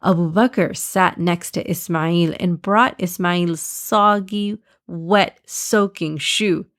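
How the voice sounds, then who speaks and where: A woman narrating a children's story with gentle, measured reading. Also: fairly low pitch.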